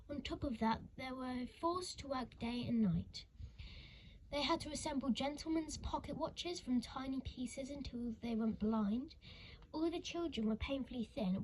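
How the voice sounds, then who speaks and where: A woman narrating a children's storybook, expressive and dramatic, dropping into hushed whispers. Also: high voice, unhurried, slight background noise, rough recording. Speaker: audiobook reader.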